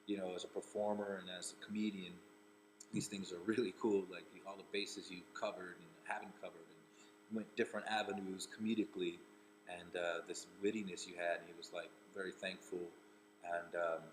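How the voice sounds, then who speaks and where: A man's voice: low voice, level tone, a little fast, a little hiss or hum, low-quality recording. A man from Rhode Island who works as a comedian and actor, telling a personal story casually with many restarts.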